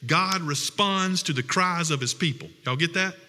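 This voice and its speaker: A man preaching a sermon as pastor, with earnest, emphatic, drawn-out phrasing. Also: fairly high pitch, bright, forceful tone, long reverb tail.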